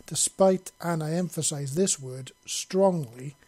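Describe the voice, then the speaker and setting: A man reading a calm clan patriarch. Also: on the high side, moderate pace, husky. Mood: persuasive.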